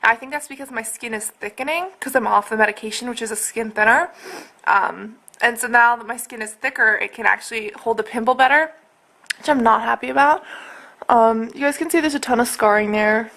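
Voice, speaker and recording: A woman's voice: a little high, brisk, vocal fry, fairly bright tone. Exasperated young woman rambling to camera. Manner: rambling and exasperated, many fillers like "like". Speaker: vlogger. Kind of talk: casual personal video update. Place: at home, indoors.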